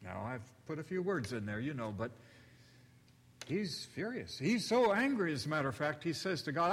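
A male pastor preaching a sermon, telling the story slowly and deliberately and acting out the quotes. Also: a little high, big pitch swings, breathy edge. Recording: long reverb of a large hall.

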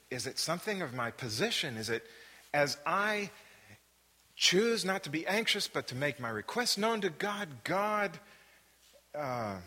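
A man's voice: on the high side, bright, forceful tone. Man teaching Bible study in reverberant hall. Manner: reads scripture aloud then asks the listeners questions; repeats phrases for emphasis.

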